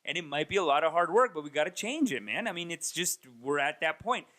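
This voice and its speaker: A man in his thirties, a comedian, rambling through a casual comedic monologue and mocking people with raised, animated impressions. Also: on the high side, a little fast. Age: 30s. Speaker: comedian and podcast host. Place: Toronto.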